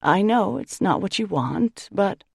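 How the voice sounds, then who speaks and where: A woman voicing a gentle, hesitant middle-aged mother who speaks softly and apologetically. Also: mid-range voice, expressive, a little slow, creaky, slightly rough, dry recording, clean studio sound, full character voice. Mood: apologetic. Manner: soft, apologetic, careful.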